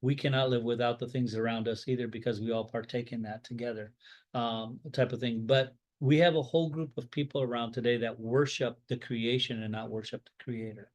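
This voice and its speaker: A rabbi teaching a Bible study in a loose, conversational way, full of fillers and restarts, voicing strong opinions and telling stories. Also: male voice, mid-range voice, fairly quick. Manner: rambling, off-the-cuff, with many fillers and restarts; opinionated, tells stories with lively acted-out dialogue. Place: Florida.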